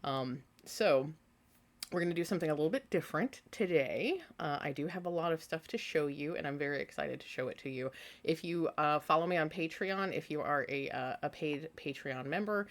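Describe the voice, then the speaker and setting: A woman hosting a casual craft vlog from home, tired after a workday, rambling along with lots of ums and easy laughs. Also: low-pitched. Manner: rambling, filler-heavy, quick to laugh. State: tired after a work day. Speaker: craft vlogger host.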